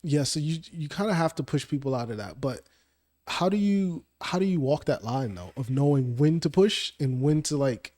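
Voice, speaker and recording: A man's voice: a little high, animated, moderate pace, darkish tone. Reflective man hosting a podcast discussion. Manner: reflective, conversational, leads questions. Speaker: podcast host. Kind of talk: casual faith podcast discussion.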